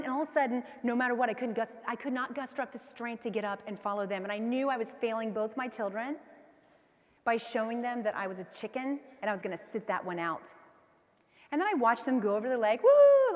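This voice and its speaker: A woman in her forties giving a motivational keynote speech, telling a personal story with animated delivery and acting out her own inner voice. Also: fairly high pitch. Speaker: keynote speaker. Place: large convention hall. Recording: long hall reverb from the PA.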